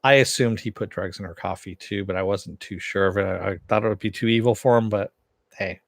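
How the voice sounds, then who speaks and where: A man with a lowish voice talks through a TV episode recap in a loose, rambling way, leaning on fillers as he goes. The sound is dry and close, with no room echo. He comes across as a casual reviewer. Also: fairly quick, creaky. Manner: rambling, filler-heavy retelling.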